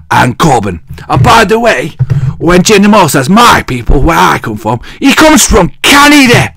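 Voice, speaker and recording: A man's voice: on the high side, creaky, bright, forceful tone, no echo, clean studio sound. An English man hosting a wrestling show, recapping in a cheeky, rambling way and often losing his place as he thinks aloud. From England.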